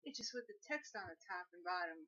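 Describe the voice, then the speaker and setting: A woman's voice: lowish voice, lively intonation, quick pace, sharp tone. A young woman co-reviewing a movie in casual chat, adding dry, brief remarks. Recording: dull lo-fi sound.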